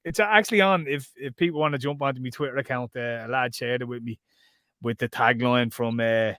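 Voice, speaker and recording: A man's voice: medium pitch, a little fast, clean tone, no room sound. Sweary man, dry close sound. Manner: swearing, animated storytelling with mimicked voices. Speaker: podcast co-host. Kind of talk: casual chat.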